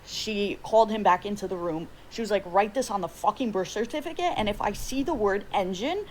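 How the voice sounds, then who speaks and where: A woman's voice: medium pitch, brisk, slight background noise, poor audio. A woman telling a comedic story about her own birth, acting out the voices of her parents. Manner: expressive, acts out quoted yelling. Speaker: storyteller in clip.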